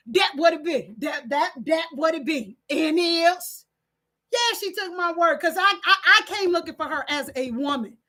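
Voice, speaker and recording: A middle-aged woman, talking on a live stream, preachy and animated, reading out the chat and breaking into laughs and shouts. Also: very high voice.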